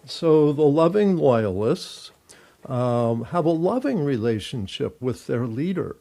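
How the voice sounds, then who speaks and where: Older man, gravelly voice, measured explainer, interview guest. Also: mid-range voice, big pitch swings, dark tone. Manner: measured, explanatory, thinks aloud. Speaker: guest author and therapist. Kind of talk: conversational interview answers.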